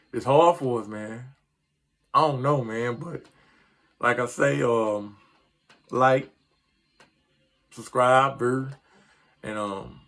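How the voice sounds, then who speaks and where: A man's voice: medium pitch, fairly bright tone. A middle-aged man, ranting casually about his sports team in a rambling, frustrated way that trips over words. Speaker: sports vlogger.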